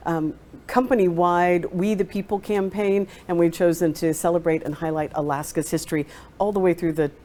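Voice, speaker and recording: A woman's voice: on the low side, steady tone, moderate pace, warm tone. A woman news anchor reacting to a story and wrapping up the segment on air.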